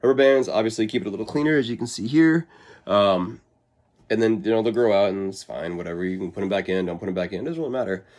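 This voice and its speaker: A man's voice: lowish voice, fast talker, darkish tone. A man vlogging to camera, answering a viewer's question in an easygoing, casual way. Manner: laid-back, easygoing, calls the listener "man". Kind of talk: casual how-to chat to camera.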